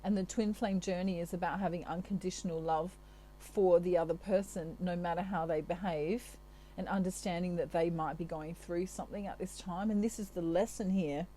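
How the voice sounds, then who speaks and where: A woman from Australia talks through a channelled tarot reading with a low, mellow voice. She sounds chatty and reassuring and keeps adding little asides to the listener. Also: fairly even intonation, moderate pace, few pauses, slight background noise, rough recording. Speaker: tarot reader.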